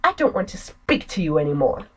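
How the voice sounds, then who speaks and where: A woman's voice: fairly low pitch, very animated, fairly quick, slightly rough, pitched below the performer's own voice. A woman voicing a cruel, unhinged teenage girl who taunts and mocks. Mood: defensive. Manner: mocking, sinks to a whisper.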